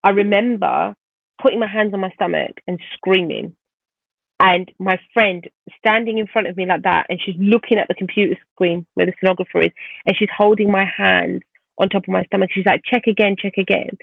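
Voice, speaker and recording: A woman telling her own story as a podcast guest, vivid and animated. Her voice has a gravelly, fry-laden edge. The sound is tinny and phone-like, with a dry, close feel. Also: mid-range voice, normal speed, no echo. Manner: vivid, animated retelling of a painful event. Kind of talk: personal storytelling in conversation.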